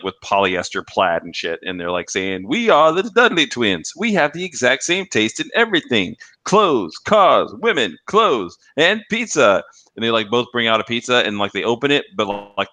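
A man's voice: on the low side, pushed and bright, dry recording. A man co-hosting a casual podcast, telling stories and acting out quoted commercials in raised voices. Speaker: podcast co-host. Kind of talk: casual chat.

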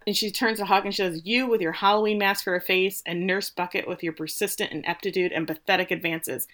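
Animated woman recapping a show. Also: mid-range voice, quick pace. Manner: animated retelling, quoting characters with playful voices. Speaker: podcast co-host recapping a TV episode. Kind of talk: casual chat.

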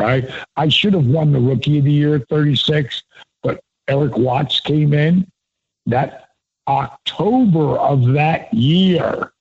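A man's voice: mid-range voice, darkish tone, husky, muffled recording. A man in his sixties, a former pro wrestler and guest, telling stories with profanity and emphasis. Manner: profane, emphatic, laughs often. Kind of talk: animated storytelling.

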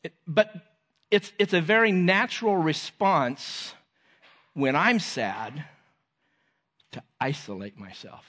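A man preaching a sermon to a congregation, earnest, repeating his phrases and letting lines fall softly at the end. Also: fairly high pitch, animated, slow, pauses often.

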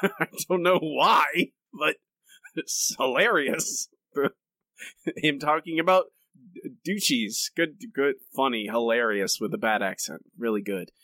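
A man co-hosting a podcast, talking in a rambling, halting way with frequent laughs. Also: medium pitch, pushed and bright, dry recording, studio quality. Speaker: podcast co-host. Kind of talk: casual chat.

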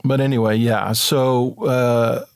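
A man's voice: medium pitch, slow pace. Chatty man acting out his story. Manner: animated, acts out quotes in a raised voice; loose and chatty, many fillers like "kind of" and "like". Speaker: guest telling an adventure story. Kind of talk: casual spoken storytelling.

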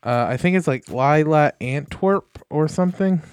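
A man hosting a podcast in casual chat, easygoing and laughing, pausing often to search for words. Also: fairly high pitch, smooth, no echo, clean studio sound, faint music behind. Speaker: podcast host.

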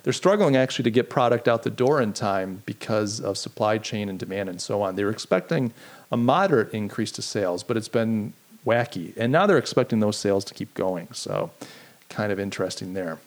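Speaking on the low side, animated and fairly quick, a middle-aged podcast host chats loosely on his live stream. He rambles, pokes fun at himself, and responds to his live chat.

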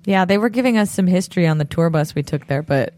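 A relaxed co-host chats on a podcast in an easygoing, mid-pitched voice. The talk is loose and full of laughs as the stories unfold. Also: fast talker. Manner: chatty storyteller, relaxed, laughing easily. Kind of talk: casual chat.

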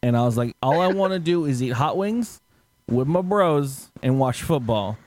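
A man's voice: mid-range voice, moderate pace, no room sound. A man telling a story in a casual podcast chat, laughing often and acting out the people he quotes. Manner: animated, laughing, acts out quotes loudly.

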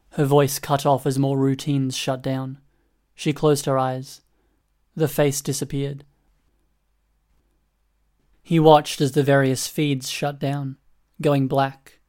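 A man narrating an audiobook in a steady, even reading voice. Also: mid-range voice, slow, pauses often.

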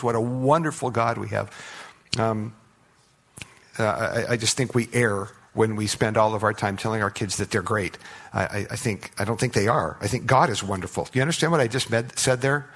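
A man preaching a sermon as pastor, emphatic and rising to loud declarations, asking the congregation rhetorical questions, often stumbling and restarting. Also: on the low side. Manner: frequent stutters and restarts.

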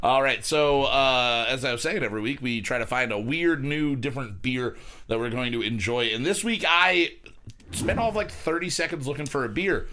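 A man's voice: mid-range voice, moderate pace, bright, forceful tone. A man hosting a casual podcast, joking and rambling while reviewing a beer. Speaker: podcast host. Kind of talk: casual chat.

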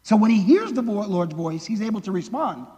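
A man's voice: high-pitched, big pitch swings, brisk, warm tone, highs cut off. A male preacher giving a casual sermon, chatty and full of "like" and jokey asides. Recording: long reverb of a large hall.

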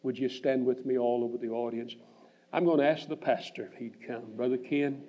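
Older preacher, storytelling sermon, warm and low-key, dull church recording. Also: male voice, steady tone, a little fast, a little hiss or hum. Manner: earnest storytelling, retelling a man's words with long hushed passages. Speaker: visiting preacher. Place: church sanctuary. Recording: muffled church archive recording.

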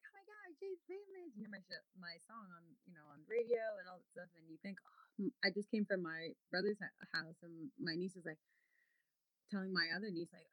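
A woman's voice: mid-range voice, fairly bright tone, no room sound, low-quality recording. A woman gospel singer in a casual chat, laughing often and teasing playfully.

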